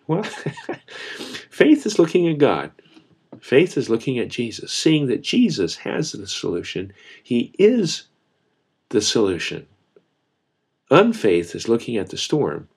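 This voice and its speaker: A man's voice: medium pitch, darkish tone, husky. A man preaching a sermon as a pastor, earnest and repeating key phrases for emphasis.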